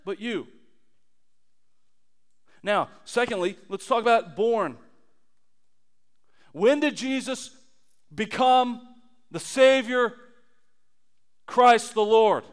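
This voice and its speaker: Male pastor, 30s, high clean voice, lively sermon delivery with loud and hushed swings. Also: clean tone. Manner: animated, swings from loud emphasis to quiet low asides.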